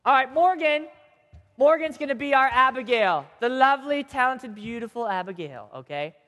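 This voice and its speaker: A man teaching a group of kids, telling a Bible story in a chatty, animated way and checking in with them often. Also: very high voice, normal speed. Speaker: youth teacher. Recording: long hall reverb.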